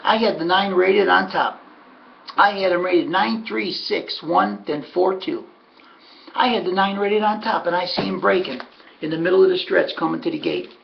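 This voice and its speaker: Folksy guy going over race bets, wry and sardonic, gravelly voice, bit of hiss behind. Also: high voice, normal speed, muffled recording. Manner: folksy, sardonic, talks to himself about bets. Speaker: harness racing handicapper. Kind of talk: casual race recap monologue.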